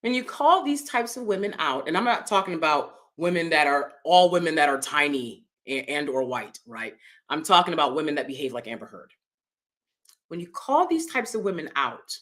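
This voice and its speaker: Lively, bright-voiced woman host. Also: normal speed. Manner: animated, conversational, often asks "right?"; jumps into high mocking voices. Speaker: commentary channel host. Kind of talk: casual opinion commentary.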